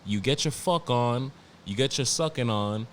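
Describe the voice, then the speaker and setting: A man's voice: medium pitch, moderate pace, fairly bright tone, slight background noise. A man hosting a solo podcast, ranting in a casual, profane and emphatic way, often repeating himself and restarting sentences. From New York. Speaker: podcast host.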